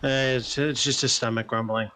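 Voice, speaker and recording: Male game streamer, smooth clear voice, laid-back dry chat. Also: mid-range voice, fairly even intonation, moderate pace, pushed and bright. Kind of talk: casual let's-play chat.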